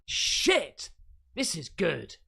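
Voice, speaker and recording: A man hosting a reaction video, exclaiming and swearing loudly as he reacts to scary clips. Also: fairly high pitch, drawn-out words, vocal fry, heavy background noise. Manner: excitable, swearing, loud exclamations.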